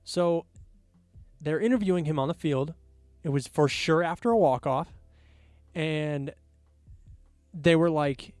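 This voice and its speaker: A man hosting a solo sports podcast, ranting in an animated, exasperated way with mocking asides. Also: a little high, unhurried, pauses often, no room sound, studio quality, soft background music. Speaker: podcast host.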